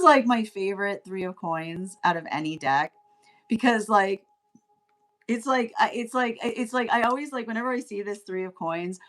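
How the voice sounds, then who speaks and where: A woman's voice: mid-range voice, normal speed. A woman giving a casual spoken tarot reading, rambling and often asking "right?" as she laughs along. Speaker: tarot reader.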